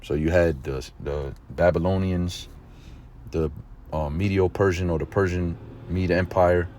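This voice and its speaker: A man teaching an informal religious lesson in a conversational preaching manner, often checking in with his listeners and growing excited at points. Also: sits low, unhurried, a little hiss or hum. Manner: grows excited and emphatic at points.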